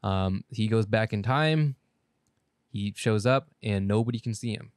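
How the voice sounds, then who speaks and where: A man's voice: lowish voice, measured pace, clear, resonant tone, dry recording. Rambling man recapping an anime, dry. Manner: rambling, self-correcting, swears casually. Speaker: podcast co-host. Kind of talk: casual chat recapping an anime.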